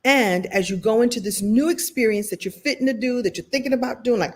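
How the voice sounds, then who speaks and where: A woman from Brooklyn hosting a motivational talk, telling a personal story in an animated, self-deprecating way. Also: a little high, a little fast, few pauses. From Brooklyn, New York. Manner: animated, self-deprecating, shifting pace and loudness. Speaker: host and motivational speaker.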